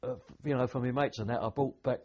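A man's voice: mid-range voice, steady tone, quick pace, darkish tone, muffled recording. An older man, a veteran telling rambling anecdotes with dry humour in an oral history interview.

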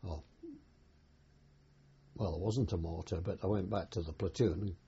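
A man's voice: low-pitched, gravelly, warm tone, breathy edge. An older man, a war veteran, recalling his service in a plain, hesitant oral-history telling. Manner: plain unhurried storytelling with hesitations. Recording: dull lo-fi recording.

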